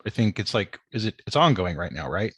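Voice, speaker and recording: Low-voiced man hosting a chat. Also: very animated, brisk, fairly bright tone, slightly rough. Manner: friendly, encouraging short replies. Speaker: interview host. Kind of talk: casual interview.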